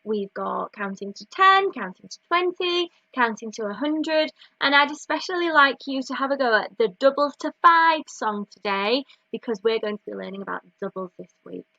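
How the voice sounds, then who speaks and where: A woman with a Northern English accent, teaching a slow, clear maths lesson to young children with counting chants. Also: on the high side, animated, bright, forceful tone, dry recording, dull audio. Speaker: reception class teacher.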